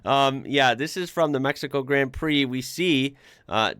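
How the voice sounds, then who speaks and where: A man's voice: mid-range voice, measured pace, a bit bright, smooth, no echo, clean studio sound. A man hosting a casual reaction video, chatting with lots of fillers and laughing often.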